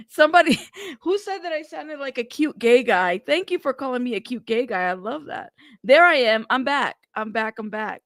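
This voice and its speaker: A woman's voice: sits high, animated, normal speed, a bit bright, dry recording, studio quality. Chatty woman livestream host. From California. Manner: chatty, laughing, addresses the chat as y'all. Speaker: true crime news livestream host. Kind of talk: casual livestream chat.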